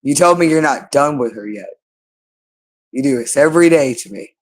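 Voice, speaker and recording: A woman's voice: very deep voice, animated, normal speed. A woman speaking in an unscripted monologue to camera, agitated and accusing, looping back to the same phrases again and again. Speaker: channel host.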